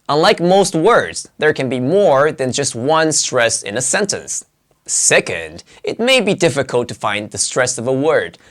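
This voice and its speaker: An English pronunciation teacher giving a scripted lesson narration, with clear, emphatic delivery and dramatic pitch swings. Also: fairly bright tone.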